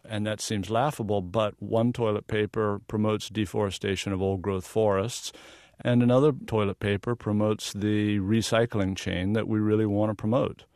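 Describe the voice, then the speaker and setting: Southern guy, low voice, earnest photographer talking on radio, dry booth sound. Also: little pitch movement, moderate pace, a little mellow, no room sound. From American South. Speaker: guest photographer. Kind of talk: radio interview.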